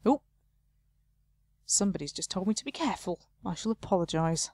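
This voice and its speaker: Chatty woman with a mellow voice. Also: fairly low pitch, animated, a little fast, no echo. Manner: chatty, self-mocking, laughs often. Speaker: let's play host. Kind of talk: casual game commentary, reading game text aloud.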